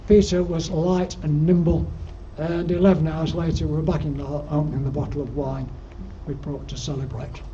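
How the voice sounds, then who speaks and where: Rambling through an anecdotal slide-show talk in a lecture room, an older Yorkshire man, the alpine club's guest speaker, offers dry humor and frequent ums. His voice, fairly high for a man, is mellow and dark, with a flat delivery. The recording is dull and lo-fi, with faint noise underneath.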